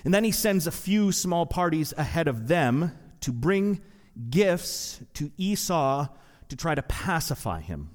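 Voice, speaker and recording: Male pastor, animated sermon storyteller, slightly high voice, big reverberant hall. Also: unhurried. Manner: animated retelling with acted quotes and asides.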